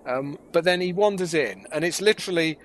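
A man's voice: on the high side, brisk, slight background noise. A man co-hosting a podcast, chatting casually and mocking with jokes and little put-on voices. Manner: joking, mocking, acts out voices. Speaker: podcast co-host. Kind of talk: casual chat.

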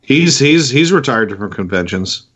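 A man co-hosting a podcast, talking in a halting, casual way with frequent restarts. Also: mid-range voice, big pitch swings, a bit bright. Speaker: podcast co-host.

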